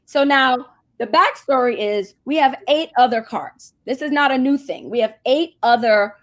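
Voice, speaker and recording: High-voiced animated woman telling a story. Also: normal speed. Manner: animated, acts out quoted voices. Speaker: marketing agency CEO, guest. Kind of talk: casual interview storytelling.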